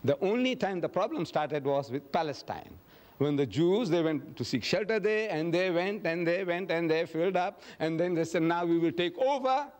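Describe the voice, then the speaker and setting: A man gives a public lecture and takes questions from the audience. His voice sits a little high for a man. He tells stories with emphasis and acts out the quoted dialogue. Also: lively intonation, normal speed, a little mellow.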